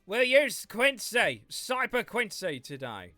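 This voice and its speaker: A man's voice: sits high, very animated, slow, pushed and bright, no room sound, soft background music. A man chatting playfully with his viewers while he livestreams a game, teasing and laughing often. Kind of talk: casual gaming stream chat.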